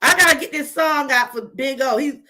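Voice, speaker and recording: Bright high-voiced woman livestreaming. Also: brisk. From Georgia, US. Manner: heartfelt, talks straight to viewers, reads out chat. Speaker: livestream host. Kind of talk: casual livestream testimony.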